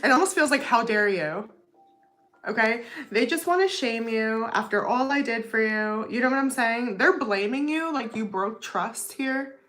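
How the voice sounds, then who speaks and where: A woman's voice: on the high side, lively intonation, normal speed, hardly any pauses, fairly bright tone. A woman giving a casual tarot reading to her viewers, chatty, often adding "okay?" and "you know what I mean?". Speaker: tarot reader.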